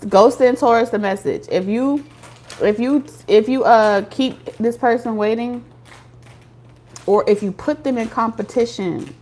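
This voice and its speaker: A woman's voice: a little high, measured pace, a little mellow. A woman doing a casual tarot reading for viewers, talking bluntly with slang and profanity. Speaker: tarot reader.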